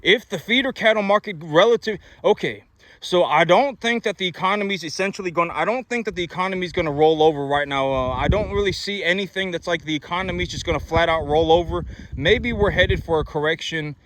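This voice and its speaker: High-voiced rambling rancher man. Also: brisk, a bit bright. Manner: rambling, repetitive and boastful, many restarts. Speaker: cattle rancher vlogger. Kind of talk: casual talking-head vlog. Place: on a small cattle farm.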